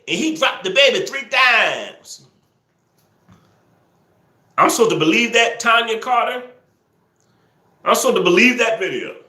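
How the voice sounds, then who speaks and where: A man hosting a live stream, teasing viewers and scolding trolls in the chat, sometimes yelling excitedly. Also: high-pitched, roomy sound. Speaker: livestream host. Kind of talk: casual live-stream commentary, talking to the chat.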